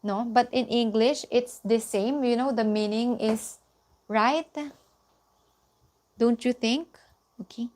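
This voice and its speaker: A woman with a Filipino accent teaching a live online Japanese lesson. She explains slowly and repeats the example phrases, now and then slipping into Tagalog. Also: a little high, steady tone, a little mellow.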